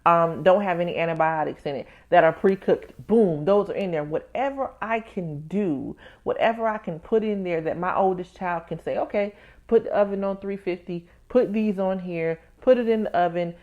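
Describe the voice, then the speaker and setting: A woman's voice: fairly low pitch, normal speed, darkish tone, lo-fi sound. A woman hosting her own podcast as a tax professional. She talks candidly to listeners, calling them "baby" and "y'all," and acts out her own inner voices as she tells a story. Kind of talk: casual personal podcast talk.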